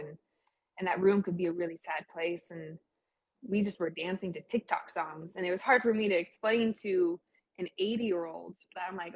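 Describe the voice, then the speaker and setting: A woman's voice: fairly low pitch, steady tone, moderate pace, husky, rough recording. Chatty heartfelt young woman. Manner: chatty, heartfelt, many "like" fillers. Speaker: guest sharing her cancer story. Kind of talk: casual interview talk.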